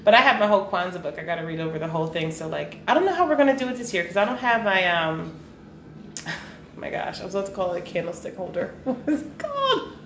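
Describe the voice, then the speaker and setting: A woman co-hosting a casual chat, animated, often laughing and trailing off mid-sentence. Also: on the low side, quick pace, a little hiss or hum. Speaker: podcast co-host. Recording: roomy echo.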